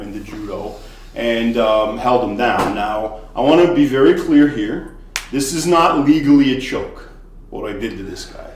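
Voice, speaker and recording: A man telling a comedic bar story casually, profane and swinging between loud and hushed. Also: medium pitch. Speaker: podcast storyteller, former bartender. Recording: echoey room.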